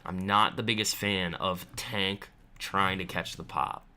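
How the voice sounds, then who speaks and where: A man's voice: sits low, steady tone, measured pace, sharp tone, clear, resonant tone. A man hosting a live trading stream, talking casually and a little boastfully about stocks while answering viewers' comments. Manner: chatty and boastful, lots of fillers. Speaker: trading livestream host. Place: home room.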